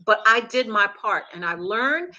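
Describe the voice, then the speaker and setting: A woman co-hosting a talk show, animated, telling anecdotes and building on others' points. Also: fairly high pitch, normal speed, dull audio. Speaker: co-host. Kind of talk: casual talk-show conversation.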